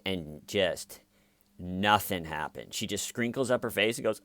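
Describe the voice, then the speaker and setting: Casting: low-voiced man, unhurried wry commentary, dry close mic. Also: sing-song, a bit bright, no room sound. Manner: slow, wry, acts out quotes in mocking voices. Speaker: commentary vlogger. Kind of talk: casual commentary monologue.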